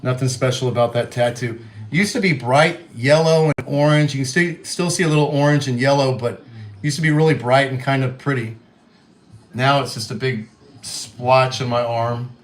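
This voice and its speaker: A man with a light Western Kentucky accent chats in a soft, easygoing voice on a cooking livestream. His pitch sits in an ordinary middle range, and he talks to viewers and answers their comments one by one. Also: normal speed. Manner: chatty, reads out viewer comments, soft-spoken. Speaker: livestream host. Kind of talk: casual livestream chat while cooking.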